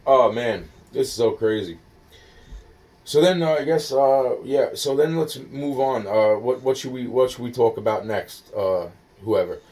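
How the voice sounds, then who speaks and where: A man on a phone call, rambling and halting, full of fillers and swearing, slowly spelling things out while sounding foggy and hungry. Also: mid-range voice, expressive, mellow, recorded from a distance. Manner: halting, filler-heavy, scattered. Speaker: caller.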